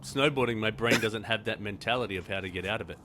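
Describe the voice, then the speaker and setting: A man's voice: lowish voice, fast talker, bright, forceful tone, slight background noise. A man hosting a podcast interview, chatty and casual, full of fillers and the odd swear. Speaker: podcast host.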